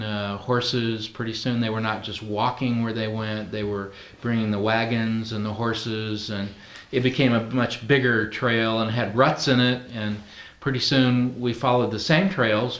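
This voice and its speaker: A man's voice: lowish voice, a bit bright, roomy sound. A man leading a training class, talking conversationally and asking the group questions. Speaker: NLP trainer. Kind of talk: classroom teaching.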